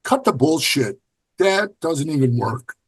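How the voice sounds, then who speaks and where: A man's voice: a little high, very animated, unhurried, breathy edge. A middle-aged man, a podcast guest, telling blunt, profane stories and acting out the quotes in his anecdotes. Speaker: podcast guest, former biker club member. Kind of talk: casual storytelling interview.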